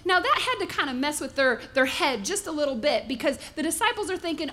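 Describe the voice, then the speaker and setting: A woman pastor preaching a sermon, lively and theatrical, acting out little voices as she tells stories. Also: high voice, fast talker, hardly any pauses. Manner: animated preaching, acts out voices in asides.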